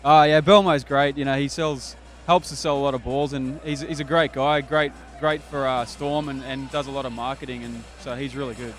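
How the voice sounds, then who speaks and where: A man's voice: medium pitch, steady tone, moderate pace, few pauses. An Australian man answering interview questions hesitantly, with many fillers. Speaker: equipment distributor, guest.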